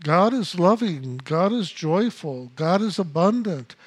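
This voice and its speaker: Slow, high-voiced male spiritual teacher. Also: expressive. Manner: repetitive, emphatic, with blunt asides.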